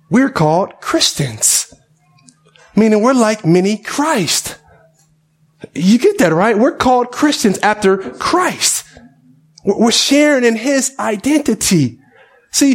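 A male pastor preaching a conversational sermon, often asking his listeners questions. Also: high voice.

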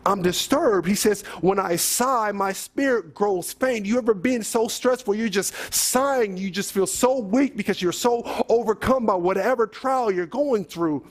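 A middle-aged man delivering a sermon as a pastor. His voice sits high for a man, and he preaches in a casual, conversational way. He leans on rhetorical questions and builds up to emphatic moments. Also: normal speed, hardly any pauses.

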